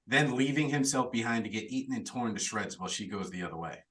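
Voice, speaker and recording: A man's voice: fairly low pitch, lively intonation, fast, fairly bright tone, far from the mic, low-quality recording. A man hosting a podcast, chatty and laughing now and then as he recaps a plot. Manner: chatty, laughs while telling the story. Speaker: podcast host recapping a film.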